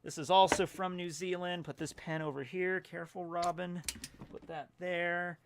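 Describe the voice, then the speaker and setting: A man's voice: high voice, little pitch movement, moderate pace, background noise. A young man chatting loosely from home on a livestream, rambling with lots of fillers as he goes through fan mail. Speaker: streamer reading fan mail. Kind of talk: casual livestream chat.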